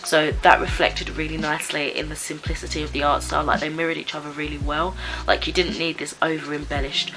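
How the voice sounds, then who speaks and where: A woman with a raspy, stuffed-up voice from a cold, chatting casually through a book review with lots of fillers and restarts. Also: sits low, level tone, fairly quick, rough recording. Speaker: book vlogger. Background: background music.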